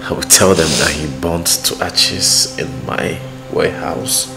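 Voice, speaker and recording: A man's voice: sits low, steady tone, measured pace, vocal fry. An actor with a Nigerian English accent playing an anguished businessman who stammers and repeats himself in distress, with film music behind. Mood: distraught. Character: anguished city businessman man, pleading and frantic. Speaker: Uchenna, a city businessman. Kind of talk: Nollywood film acting. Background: film score music.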